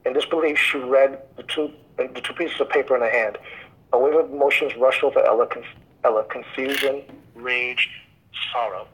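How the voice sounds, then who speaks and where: A man's voice: mid-range voice, steady tone, moderate pace, fairly bright tone, breathy edge, rough recording. A male author casually retelling his story, rambling with frequent restarts. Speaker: guest author.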